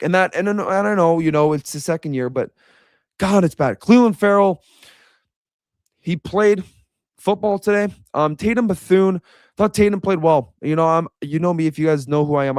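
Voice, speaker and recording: A man's voice: on the high side, a little mellow, clean tone, no echo, studio quality. A young man giving a casual, frustrated reaction rant as a sports commentator, repeating himself as he vents.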